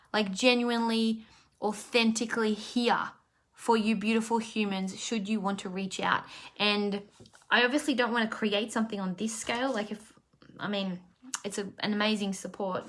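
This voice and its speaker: A woman's voice: medium pitch, a bit bright. Woman life coach on a live talk, emotional, rambling, lots of ums and restarts. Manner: heartfelt, rambling, with many fillers and restarts.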